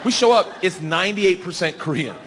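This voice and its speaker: A man performing a profane stand-up comedy set on a club stage, telling brash, animated stories into a handheld mic. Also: high-pitched, brisk. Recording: live show with loud crowd laughter and noise.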